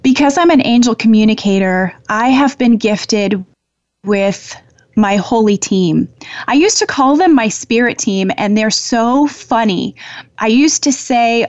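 A woman hosting a spiritual call-in show as an angel communicator, talking in an affectionate, gentle way with soft fillers and pauses. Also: a little high, lively intonation, no echo, muffled recording. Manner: warm, affectionate, laughs often, pauses with fillers. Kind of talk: spiritual talk show monologue.

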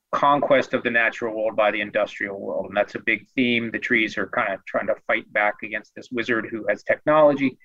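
A male guest with a bright, forceful voice explains his ideas in a thoughtful, measured way. The sound is dry but slightly dull. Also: mid-range voice, dry recording. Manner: thoughtful, measured, lightly self-deprecating. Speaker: guest expert. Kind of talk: conversational explanation.

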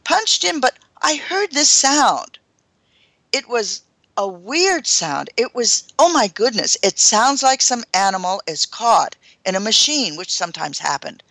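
A woman host tells a first-hand story with drama and gasps, her pitch swinging widely. Her voice is bright with a gravelly edge. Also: big pitch swings, unhurried, dry recording.

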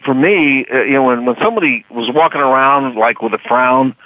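A man in casual conversation, halting and repeating words as he starts his sentences. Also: mid-range voice, dry recording. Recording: tinny phone line.

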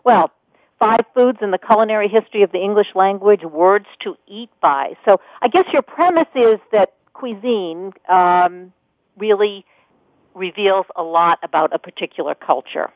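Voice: medium pitch, moderate pace, no echo. A radio talk show host interviewing a guest, thinking aloud and asking questions. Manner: conversational, thinks aloud with fillers. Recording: dry, phone-like radio sound.

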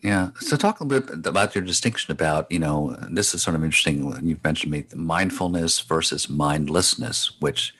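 A man interviewing a guest, asking relaxed, loosely phrased questions. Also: rumbling low, a little fast, hardly any pauses, husky.

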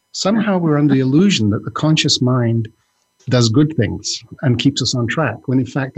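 A podcast co-host with a medium-pitched, slightly rough voice chats casually. He rambles, cuts off his own sentences, and tosses in the odd joke.

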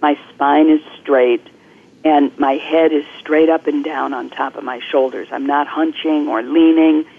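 A woman guest coach explaining things clearly and articulately in an interview, speaking over the phone. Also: low voice, fairly even intonation, unhurried. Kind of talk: interview on a podcast. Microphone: telephone. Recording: phone-line call-in audio.

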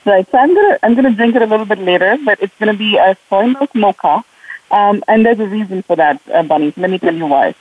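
A woman's voice: medium pitch, fast, husky, no echo. Female remote guest with a laugh and lots of fillers, phone-quality line. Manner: laughs often, many fillers. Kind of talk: casual interview chat. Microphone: remote call. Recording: tinny phone-like call line.

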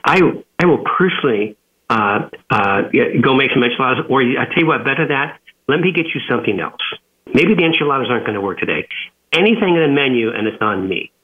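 A man's voice: medium pitch, lively intonation, fast talker, close to an everyday voice. A man quoting a patient, apologetic male restaurant manager who stumbles a little over his words, heard through a tinny phone line.

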